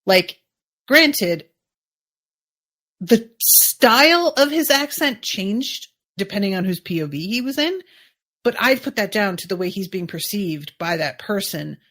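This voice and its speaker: Slow-talking woman recapping a show. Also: medium pitch, animated, fairly bright tone. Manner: chatty, musing, full of "like" asides. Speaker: podcast host. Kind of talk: casual episode recap.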